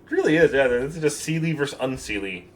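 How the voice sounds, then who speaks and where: A man's voice: medium pitch, animated, quick pace, slight background noise. A man from Michigan co-hosting a podcast, chatting casually about comics in a wry, laid-back way and often laughing. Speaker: podcast co-host. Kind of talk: casual comic-book discussion.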